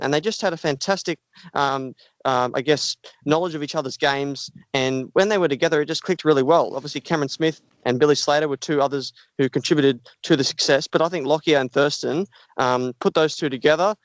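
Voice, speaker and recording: A man's voice: mid-range voice, dry recording. A man co-hosting a casual podcast, talking enthusiastically and heaping on praise. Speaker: podcast co-host. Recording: dull lo-fi dry podcast audio.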